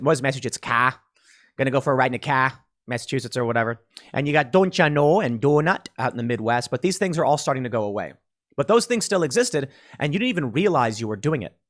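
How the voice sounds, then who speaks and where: A man from Chicago hosting a solo commentary show, talking in a loose conversational way with frequent restarts. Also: medium pitch.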